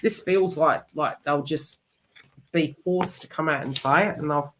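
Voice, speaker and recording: Low-voiced woman giving a psychic reading. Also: measured pace, a bit bright, a little hiss or hum. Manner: rambling and emotive, many fillers and restarts. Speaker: psychic tarot reader. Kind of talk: live online psychic reading.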